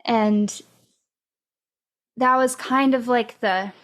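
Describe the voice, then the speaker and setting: Slow-talking woman recapping a book. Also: fairly high pitch, fairly even intonation, fairly bright tone. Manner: unhurried retelling with many fillers. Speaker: podcast host. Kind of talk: casual book discussion.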